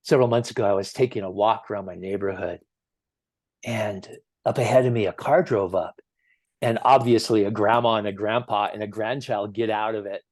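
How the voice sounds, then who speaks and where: Gentle, earnest man preaching a sermon. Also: on the low side, fairly even intonation, a little fast, no echo, clean studio sound. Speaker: minister. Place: church sanctuary.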